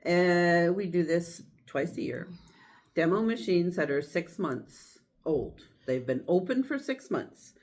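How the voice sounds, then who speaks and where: Slow-talking woman co-host. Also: fairly low pitch, rough recording. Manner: relaxed, unhurried announcements. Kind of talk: casual chat.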